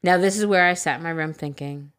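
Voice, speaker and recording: Low-voiced woman reading a story aloud. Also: fast. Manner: animated, laughing, crude humor. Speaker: podcast co-host reading listener stories. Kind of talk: casual storytelling read-aloud.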